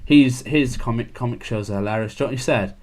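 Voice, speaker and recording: A man's voice: medium pitch, fast, darkish tone. Rambling young man chatting. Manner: rambling, full of "like" fillers. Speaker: podcast host. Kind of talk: casual chat.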